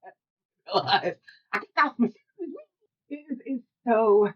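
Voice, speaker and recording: A middle-aged woman co-hosting a casual chat, telling animated stories, acting out what people said, and laughing often. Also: medium pitch, slow pace, highs cut off. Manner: animated storyteller who acts out quotes and laughs often. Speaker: podcast co-host and shop owner.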